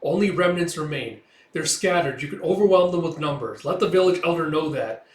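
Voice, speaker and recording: A man voicing a grim male warrior who gives firm, steady orders. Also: on the high side, fairly quick, natural voice. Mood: commanding. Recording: roomy echo.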